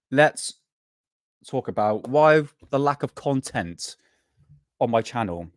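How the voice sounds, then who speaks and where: A man's voice: medium pitch, no echo, studio quality. Rambling guy on a live stream. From United Kingdom. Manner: rambling, swears freely, greets chat viewers. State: burnt out. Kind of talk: casual live stream chat.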